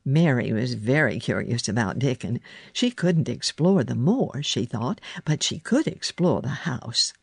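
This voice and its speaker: Low, husky woman reading a story. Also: big pitch swings, unhurried, darkish tone, no room sound, studio quality. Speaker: narrator.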